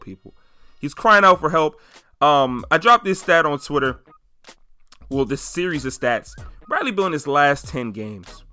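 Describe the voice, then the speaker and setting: A man in his twenties hosting a solo sports podcast, talking emphatically and hammering his points home with repetition. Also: a little high. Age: 20s. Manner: emphatic, animated, repeating points for effect. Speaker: podcast host.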